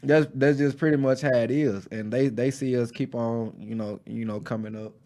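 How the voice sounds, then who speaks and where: A young man with a thick Southern Texas drawl, talking slow in an easy conversational way. He tells stories like he is chatting with friends, laughter never far off, his pitch sitting in the middle range. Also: steady tone, mellow. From Dallas, Texas. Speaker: rapper, interview guest. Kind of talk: casual conversational interview.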